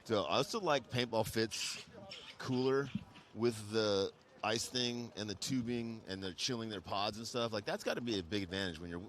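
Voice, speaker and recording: A man's voice: on the low side, moderate pace, a bit bright. A man giving easygoing color commentary on a live paintball match. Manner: easygoing, joking banter. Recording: background noise.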